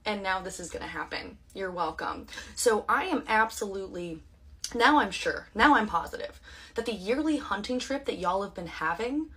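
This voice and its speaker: A woman's voice: medium pitch, animated, normal speed, fairly bright tone, slightly rough. A woman talking casually to the camera in a sarcastic, aggrieved, rambling way. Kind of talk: casual social media monologue.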